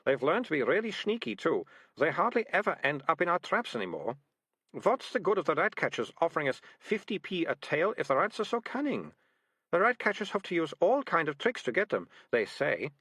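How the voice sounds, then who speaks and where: A man voicing a sharp-tongued girl who hates rats, indignant and bossy. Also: a little high, big pitch swings, a little fast, slightly rough, no echo, studio quality, pitched above the performer's own voice, exaggerated voice.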